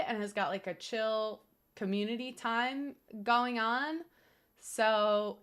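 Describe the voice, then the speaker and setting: A woman's voice: medium pitch, slow pace, a bit bright, clear, resonant tone. Young woman streamer, casual chat, earnest and rambling, home setup. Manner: earnest, grateful, rambling with fillers.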